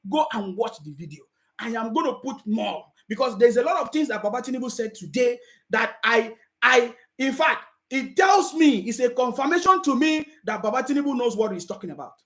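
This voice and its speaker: A Nigerian woman with a Nigerian accent giving impassioned political commentary, emphatic and repetitive, at times shouting. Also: high voice.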